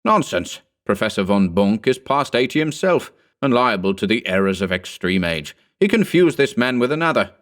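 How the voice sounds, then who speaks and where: A man's voice: mid-range voice, big pitch swings, moderate pace, voice pushed up, lightly acted. A man voicing the skeptical male storyteller, speaking tensely and dismissively.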